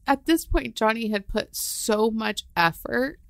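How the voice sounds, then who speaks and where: High, gravelly-voiced woman telling her story. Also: measured pace, no echo. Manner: open and heartfelt, with frequent fillers. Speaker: podcast co-host. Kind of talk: candid conversational storytelling.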